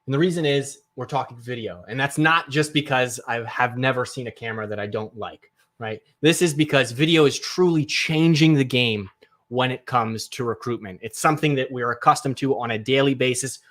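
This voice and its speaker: A man's voice: medium pitch, fairly quick, a bit bright. A man co-hosting a live virtual event over video, introducing speakers with playful, hyped announcer-style energy. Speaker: event co-host. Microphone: video call.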